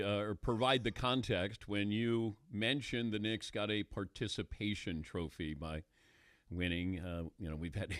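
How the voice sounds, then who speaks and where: A man hosting a sports talk radio show, relaxed and dryly teasing with his guest. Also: lowish voice, no echo, studio quality.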